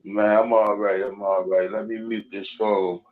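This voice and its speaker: A man calling in to a radio show over the phone, talking in a relaxed, unhurried way. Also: on the low side. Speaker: caller. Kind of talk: phone-in call. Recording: tinny phone line.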